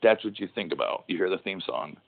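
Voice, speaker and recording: A deep-voiced middle-aged man chats casually on a podcast. He rambles, swears often and breaks off mid-thought. The audio is narrow and tinny, like a phone call. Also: lively intonation, fast talker, creaky. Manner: rambling, profane, restarts mid-sentence. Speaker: podcast host, former pro wrestler. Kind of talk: casual chat.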